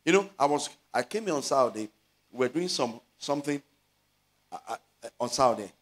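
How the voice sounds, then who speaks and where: A middle-aged man with a Nigerian Yoruba accent, preaching a sermon as a pastor, stretching out scripture words and building to loud exhortations. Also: medium pitch, expressive. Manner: slows to stress scripture phrases.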